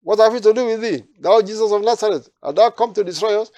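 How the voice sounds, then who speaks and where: A man voicing an unclean spirit that cries out through a possessed man, in a loud, defiant outcry. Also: sits high, fast talker, pitched above the performer's own voice. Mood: defiant shriek.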